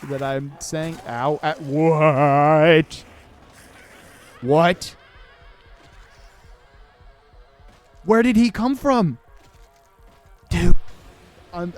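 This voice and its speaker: This young podcast host, in his twenties, has a slightly high, gravelly voice. He rambles through a video game session in a casual, sarcastic, self-deprecating manner.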